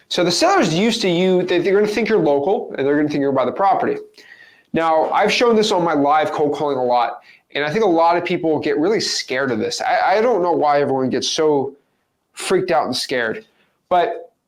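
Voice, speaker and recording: Energetic guy teaching real estate stuff, casual and playful, voice jumps around a lot. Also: on the high side. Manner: energetic, playful, talks to the viewer. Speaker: real estate wholesaling coach.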